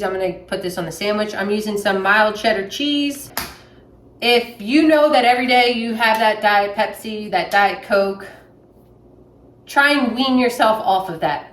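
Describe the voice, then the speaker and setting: A young woman with a Southern US accent, chatting plainly while she makes a sandwich in her kitchen. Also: mid-range voice. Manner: chatty, plainspoken, with many fillers. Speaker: vlogger. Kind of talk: casual chat while making a sandwich. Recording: echoey room, mic at a distance.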